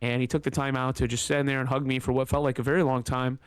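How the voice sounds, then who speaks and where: A man's voice: mid-range voice, level tone, fast, clean tone, no echo. A man hosting a podcast, telling a personal story in a candid, emotional, rambling way with many fillers, close to tears. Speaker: podcast host.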